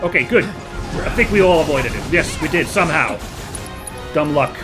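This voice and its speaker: A man hosting a let's play, chatting casually and reacting out loud to the action as he plays. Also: fairly high pitch, normal speed, over music. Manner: chatty, excitable, reacts aloud to gameplay. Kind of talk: casual gameplay commentary.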